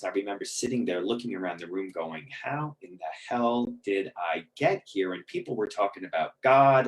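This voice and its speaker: A man's voice: on the low side, rough recording. Candid middle-aged man telling his story. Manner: candid and conversational, with frequent ums and restarts; emotional, chokes up at moments. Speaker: speaker sharing his recovery story. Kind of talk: personal storytelling.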